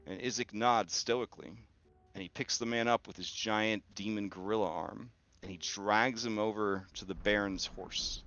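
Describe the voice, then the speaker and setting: A man narrating a tabletop game as game master, telling events slowly with many fillers. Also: on the low side, fairly even intonation, fairly bright tone. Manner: slow, graphic storytelling with many fillers. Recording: dull lo-fi audio.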